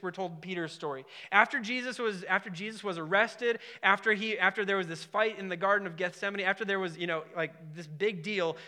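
A pastor preaches a sermon to his congregation in a conversational, emphatic manner, tossing in asides and questions to the room. His voice sits high, sounding pushed and bright.

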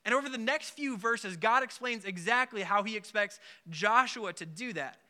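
A pastor delivers a casual sermon in a high, pushed, bright voice at normal speed. He talks loosely and conversationally, full of filler words, and acts out the voices of the people in the story.

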